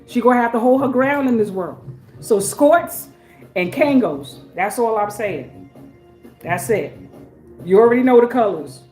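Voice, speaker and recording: A woman's voice: a little high, expressive, measured pace, pauses often. Chatty woman with a faint music bed. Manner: blessing, chatty, swings between soft murmurs and loud laughing outbursts. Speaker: livestream host. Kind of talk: casual live-stream chat.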